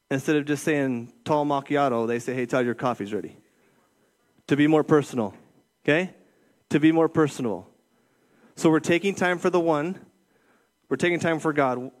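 A middle-aged man giving a conversational sermon as a youth ministry director, often checking in with his listeners. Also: fairly high pitch. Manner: conversational, keeps checking in with "right?". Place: church room with an audience.

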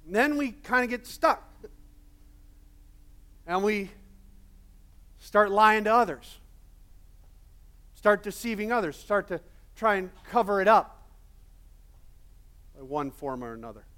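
A male pastor preaching a sermon in a casual, animated storytelling manner with many fillers. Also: sits high, takes it slowly, pauses often.

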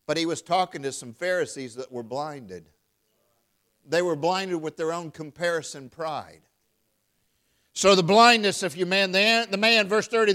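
A man's voice: a little high, a bit bright. A man preaching a sermon, reading scripture aloud and calling out to his congregation. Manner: emphatic, calls out to the congregation; reads scripture aloud in King James wording.

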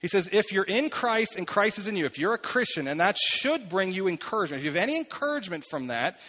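Male pastor, thirties, sermon, bright tone, chatty questioning manner, long reverb. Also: sits high, very animated, quick pace. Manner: conversational, asks the congregation questions. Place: church hall.

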